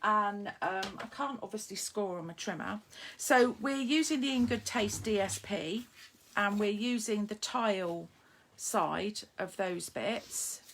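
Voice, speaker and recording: A middle-aged woman talks through a card-making project at her desk in a chatty, self-mocking way, greeting viewers as she works. Her pitch sits in a middle range for a woman. A faint hiss runs under the recording. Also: a little slow, a bit bright. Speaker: papercraft demonstrator. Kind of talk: live card-making demo chat.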